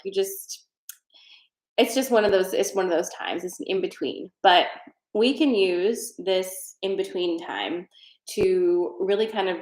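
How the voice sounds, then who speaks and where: A woman's voice: lowish voice, reverberant. A woman hosting a tarot and energy livestream, chatting casually and leading a guided breathing exercise. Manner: chatty, rambling, many fillers.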